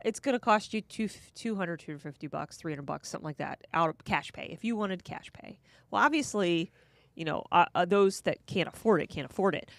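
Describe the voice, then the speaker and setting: A woman's voice: fairly low pitch, brisk, no room sound. A woman co-hosting a casual political talk show, explaining a county program in a chatty way with frequent restarts. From Florida. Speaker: podcast co-host.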